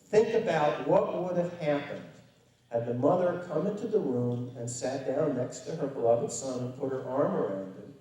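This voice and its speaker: A man's voice: mid-range voice, lively intonation, moderate pace, warm tone, far from the mic. A man giving a public lecture to parents, talking in a wry, conversational storytelling way with emphatic stresses. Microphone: distant from the microphone. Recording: very echoey hall, voice picked up from afar.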